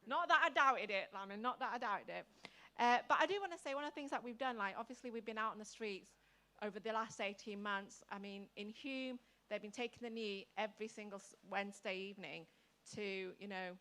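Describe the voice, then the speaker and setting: A woman's voice: mid-range voice, brisk, sharp tone. A woman, an anti-racism campaigner speaking enthusiastically to an assembly in long run-on sentences. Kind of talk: public comment to an assembly.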